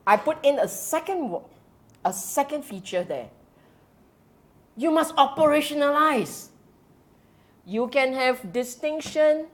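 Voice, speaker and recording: Singaporean woman Dhamma teacher, high voice, unhurried but very animated, keeps checking the audience follows. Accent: Singaporean English. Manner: drops in colloquial particles and laughs. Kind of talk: Dhamma talk to a congregation.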